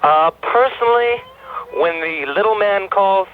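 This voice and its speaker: A man's voice: high-pitched, a little slow. A man from California calling into a talk radio show, laid-back and crude. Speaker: caller. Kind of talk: phoned-in radio call. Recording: tinny phone line on radio.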